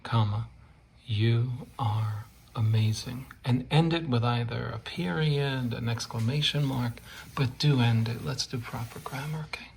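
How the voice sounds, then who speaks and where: Hanging wallpaper in an indoor room, a man gives a casual, playful how-to, joking and frequently murmuring while working. His voice is gravelly at medium pitch and normal speed, with a little hiss or hum in the audio.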